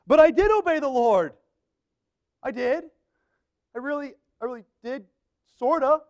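A man's voice: unhurried, darkish tone, lo-fi sound. A man voicing a defensive king who keeps making excuses, his voice raised and pleading. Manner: pleading, higher-pitched voice.

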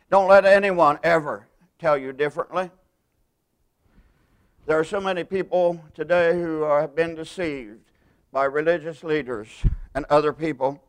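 A man preaches with a high, smooth, resonant voice. He leans hard on single words and slows down when he quotes scripture. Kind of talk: sermon.

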